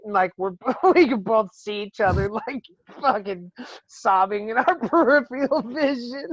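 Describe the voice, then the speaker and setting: A man's voice: high voice, a little slow, no echo. Laughing, swearing man on a dull mic. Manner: laughs often, swears freely, animated storytelling. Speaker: podcast guest or host. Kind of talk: casual chat.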